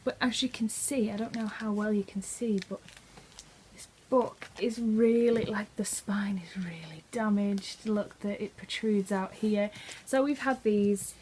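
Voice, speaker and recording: A woman's voice: medium pitch, unhurried, a little mellow, a little hiss or hum, low-quality recording. A woman talking casually about books she is reading, chatty and opinionated, with small restarts as she thinks aloud. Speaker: book vlogger. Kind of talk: casual book review chat.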